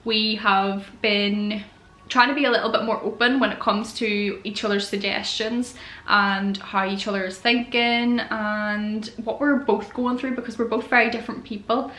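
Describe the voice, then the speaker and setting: A woman's voice: mid-range voice, steady tone, normal speed, pushed and bright. A woman in her twenties talking openly in a casual chat vlog, with lots of "like" as she goes. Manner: chatty and open, heavy use of "like". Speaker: vlogger. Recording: echoey room.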